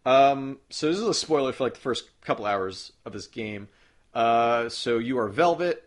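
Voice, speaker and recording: Casual male podcaster, rambling and excited, mid-pitch, swears freely. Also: moderate pace. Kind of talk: casual chat about video games.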